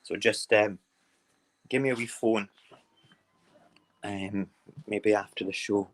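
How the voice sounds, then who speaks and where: Scottish guy doing a chatty morning live stream from home, lowish voice, says stuff over and over. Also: steady tone, slow, slight background noise, rough recording. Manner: chatty, repeats words in playful runs. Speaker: live-stream show host. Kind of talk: casual live-stream chat. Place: home, moving between kitchen and windows.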